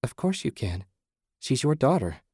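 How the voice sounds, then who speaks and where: A man voicing a calm, disembodied otherworldly voice that soothes and teases in a close, dry storybook reading. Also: medium pitch, normal speed, breathy edge, no echo, voice pushed up. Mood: soothing, knowing. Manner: soothing, teasing, speaks in riddles.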